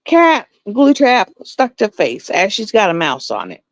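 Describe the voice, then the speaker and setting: A middle-aged woman, hosting a livestream and telling stories in a casual, animated way. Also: mid-range voice, measured pace, no room sound. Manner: animated storytelling with laughs. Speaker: livestream host. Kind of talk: casual chat. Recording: dull lo-fi dry sound.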